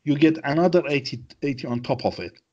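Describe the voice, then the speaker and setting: Iranian-accented man, husky and muffled. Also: fairly high pitch, lively intonation, fast, darkish tone. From Iran. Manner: broken English with tag questions, acts out dialogue. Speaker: regular guest. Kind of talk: casual chat.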